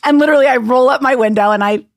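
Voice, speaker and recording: Woman in her 30s cohosting a chatty podcast, higher voice, lively storyteller, dry studio sound. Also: racing, no room sound. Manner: animated storyteller, laughs often. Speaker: podcast co-host. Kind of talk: casual chat.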